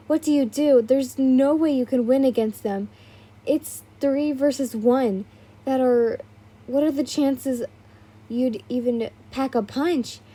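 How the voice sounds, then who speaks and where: A woman's voice: sits high, slow pace, dark tone, slightly rough. A woman reading a fan fiction story aloud in a casual way, with small stumbles and asides.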